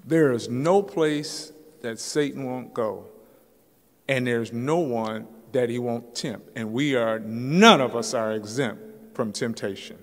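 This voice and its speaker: Man teaching a church lesson, mid-pitched, reverberant hall, deliberate scripture reading. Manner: slow, emphatic scripture reading. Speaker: Sunday School teacher.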